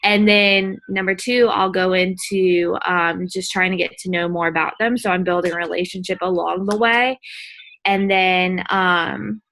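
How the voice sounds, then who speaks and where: A woman's voice: on the low side, little pitch movement, unhurried, a bit bright. A woman giving a casual coaching talk to her sales team, chatty and full of fillers, often acting out the messages she sends. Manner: chatty, acts out message exchanges, many fillers.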